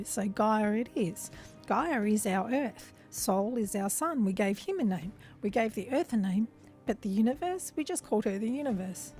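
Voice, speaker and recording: A woman, talking earnestly in a slow, musing spiritual monologue. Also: a little high, warm tone. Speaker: host.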